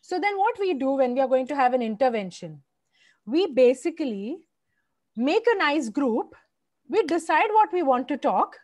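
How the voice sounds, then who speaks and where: Indian English teacher, woman, high voice, firm with the kids, mixes in Hindi. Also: big pitch swings, normal speed, darkish tone, no room sound. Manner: firm, directive, switches into Hindi. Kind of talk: online class to children.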